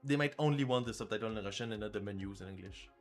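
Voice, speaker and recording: A man's voice: fairly low pitch, very fast, faint music behind. A man chatting casually on a livestream as an indie game developer, joking, crude and rambling.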